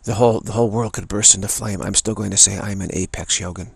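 A man giving an earnest spiritual teaching talk, repeating phrases and softly chanting a mantra. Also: on the low side, steady tone, quick pace, creaky, husky, no room sound.

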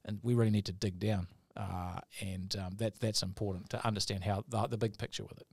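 A man's voice: fairly low pitch, steady tone, fairly quick, creaky, breathy edge, no echo, clean studio sound. A middle-aged man hosting a business podcast, talking energetically and acting out quoted voices. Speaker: podcast host. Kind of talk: casual podcast chat.

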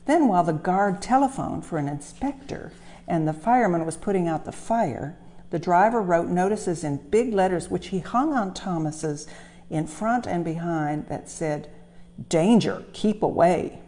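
Mellow woman reading a children's story. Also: fairly low pitch, moderate pace. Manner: gentle, expressive storytelling. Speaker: museum storyteller. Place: railway museum.

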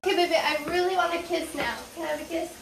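High-pitched excitable young woman, noisy phone recording. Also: gravelly. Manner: excitable, pleading and quick to apologize. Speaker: girlfriend in a prank video. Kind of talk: casual chat filmed for a social video.

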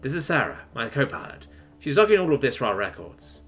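Voiced by a man, an earnest spaceship captain in a sci-fi audiobook talks with lively, animated pitch. He sounds friendly and eager to explain. The voice stays bright and clear. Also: a little fast, faint music behind. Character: friendly human male captain, earnest and apologetic.

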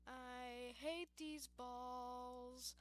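Excitable young woman gaming commentator. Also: fairly high pitch, very slow. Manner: excitable, yelling at the game; self-mocking with frequent giggles. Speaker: gaming youtuber. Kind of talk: casual let's-play commentary.

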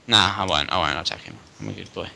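A young man talking through a video game match, excitable and prone to sudden bursts. His voice is very bright and forward, pitched a little low for a man. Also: fast, creaky, low-quality recording. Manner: excitable, laughs and chants in bursts. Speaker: gamer. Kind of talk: casual gaming commentary.

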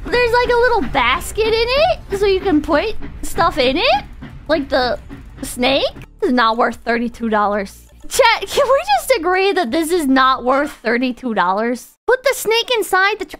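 A woman live-streaming and chatting casually with her viewers, excitable and profane, swinging between loud outbursts and deflated mutters. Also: high voice, measured pace, faint music behind.

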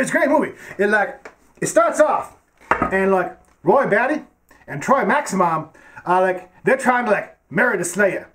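A man playing Kelvin, a dim-witted young film fan who rambles with broken grammar and stammered restarts. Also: a bit bright. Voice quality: very high goofy voice. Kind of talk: comedic character sketch.

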